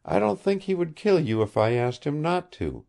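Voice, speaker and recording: A man's voice: fairly high pitch, big pitch swings, normal speed, vocal fry, darkish tone, voice pushed up. A man reading the part of an earnest, innocent young woman who holds a prisoner, speaking with childlike sincerity. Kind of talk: audiobook character reading.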